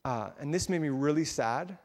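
A man's voice: fairly high pitch, animated, normal speed, a little mellow, in a large hall. A man, a pastor, telling a story in a casual, chatty sermon to his church. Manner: casual, chatty, with fillers and laughs. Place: church sanctuary.

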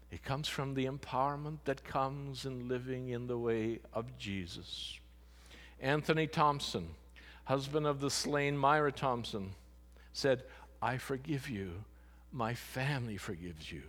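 Pastor preaching in a reverberant hall. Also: male voice, medium pitch, unhurried, fairly bright tone. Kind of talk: sermon.

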